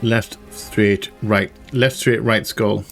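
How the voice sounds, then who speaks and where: A man's voice: lowish voice, fairly even intonation, takes it slowly, vocal fry. A man casually commentating a game he plays, thinking aloud and reading in-game text with wry asides. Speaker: gaming channel host. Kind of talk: casual let's-play commentary. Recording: game music playing behind. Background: game music.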